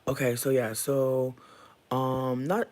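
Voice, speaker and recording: A man's voice: medium pitch, little pitch movement, slow pace, a little mellow. A man telling an emotional storytime to his viewers, profane and rambling, full of fillers. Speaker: vlogger. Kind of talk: candid storytime rant.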